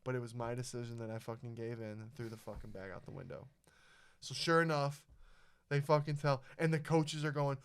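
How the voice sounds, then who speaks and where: A young man telling a story on a casual podcast, swearing freely and talking with animation. His voice is smooth and resonant, pitched in the middle for a man. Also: flat delivery, fairly quick. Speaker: podcast host. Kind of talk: casual chat.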